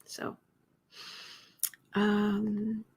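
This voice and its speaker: An astrology and tarot channel host chats on a livestream, reading viewer comments aloud and sometimes slipping into soft whispers or cooing to her pet. Her mid-range voice is monotone and creaky, slightly rough, with drawn-out words.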